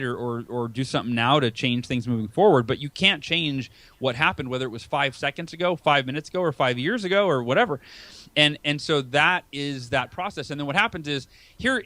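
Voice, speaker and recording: A man in his thirties, an author and speaker, talking as a podcast guest. He tells stories in a lively way, acts out his feelings in quoted voices and often repeats words at the start of a sentence. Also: medium pitch, dry recording. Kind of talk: conversational storytelling.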